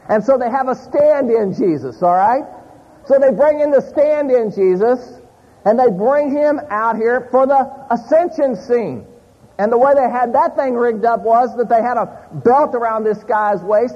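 High-voiced pastor telling a story. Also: male voice, normal speed. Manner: animated storyteller, addressing a live congregation. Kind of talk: sermon storytelling. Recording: muffled audio in a large hall.

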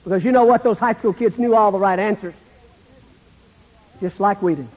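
A man's voice: high-pitched, moderate pace, darkish tone, muffled recording. A man preaching a sermon, with dramatic shifts that drop almost to a whisper when acting out the people he quotes. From American South. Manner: dramatic, acts out quoted voices, drops to near-whisper. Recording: long reverb of a hall.

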